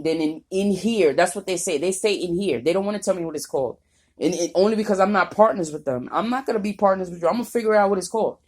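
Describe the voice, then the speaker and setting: A woman's voice: lowish voice, a little mellow. A woman vlogger talking off the cuff in a rambling, profane, confrontational rant. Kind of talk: unscripted vlog monologue.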